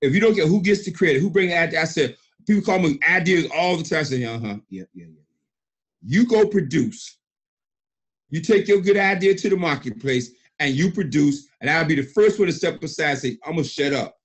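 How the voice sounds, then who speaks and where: A middle-aged man on a conference call, emphatic and animated, often repeating himself. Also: fairly high pitch, brisk, husky. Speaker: senior partner and mentor. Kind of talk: excited conference-call praise.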